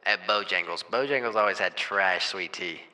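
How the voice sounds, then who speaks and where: A man's voice: sits low, moderate pace, sharp tone, rough recording. A man with a Southern accent, co-hosting a podcast and asking easygoing questions. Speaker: podcast co-host. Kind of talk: casual chat.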